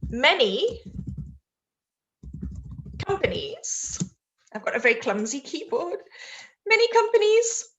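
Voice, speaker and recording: Her voice is high, very animated and fairly bright, and she takes things slowly with frequent pauses. This British woman, an IELTS teacher, reacts to viewer messages in a live online lesson, giving chatty essay feedback, laughing readily and reading the chat out mid-sentence.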